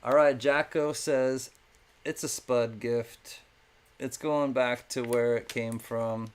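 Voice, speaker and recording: Male auction host on a live stream, casual, talks to chat by name, mid-pitched voice. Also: steady tone, slow, clear, resonant tone. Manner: chatty, thanks viewers by name, drops into sing-song calls.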